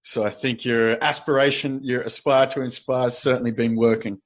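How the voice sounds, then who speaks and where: Podcast host, measured and encouraging. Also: male voice, mid-range voice, steady tone. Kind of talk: casual interview talk.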